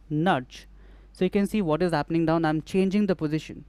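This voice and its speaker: Male instructor, hands-on studio tutorial; smooth, dry close sound, talks while clicking through steps. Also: on the high side, fairly even intonation, fairly quick, a little mellow, no echo. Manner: explanatory, repeats and restarts phrases while demonstrating. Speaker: music production instructor.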